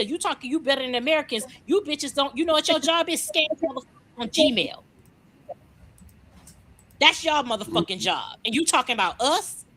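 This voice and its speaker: Woman on a heated profane rant; high, sharp voice, relentless rhetorical questions. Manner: furious, profane, rhetorical questions, repeats herself.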